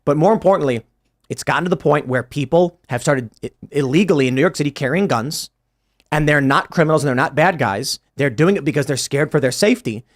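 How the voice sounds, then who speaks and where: A man's voice: fairly high pitch, brisk. A man hosting a casual panel talk show, leading the discussion with wry asides and acted-out scenarios. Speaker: podcast host.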